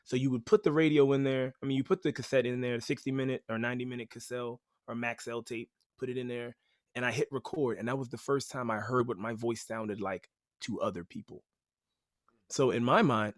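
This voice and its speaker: A man in a medium register tells stories as a podcast guest. He is animated and chatty, with plenty of "like" and "you know". The sound is dry and close. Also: mid-range voice, brisk, no room sound. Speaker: podcast guest, rapper and teaching artist. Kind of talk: casual storytelling.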